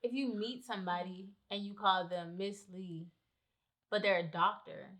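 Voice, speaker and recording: A woman's voice: medium pitch, steady tone, normal speed, a bit bright. A young woman co-hosting a podcast, who explains her points firmly and step by step in casual chat. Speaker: podcast co-host.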